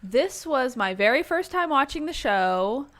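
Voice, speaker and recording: A woman's voice: high voice, big pitch swings, measured pace, a bit bright. A woman guest on a podcast, chatting casually and giggling, rambling with many fillers. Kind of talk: casual chat.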